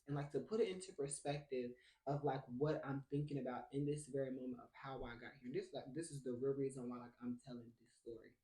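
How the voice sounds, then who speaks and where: A young man telling a personal story to viewers in a casual, animated way, calling them baby and y'all. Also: on the high side. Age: young adult. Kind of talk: storytime vlog, casual chat. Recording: roomy echo.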